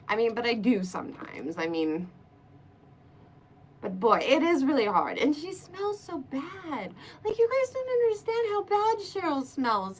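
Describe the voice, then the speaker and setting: A woman's voice: sits high, big pitch swings, measured pace, a bit bright, slight background noise. A woman hosting a casual livestream chat in a playful demon persona, dramatic and prone to laughing. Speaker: livestream host.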